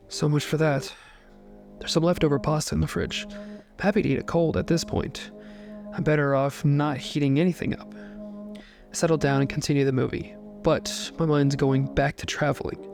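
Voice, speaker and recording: Young guy reading a creepy first-person story, slightly high voice, dry and calm, soft music underneath. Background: faint music.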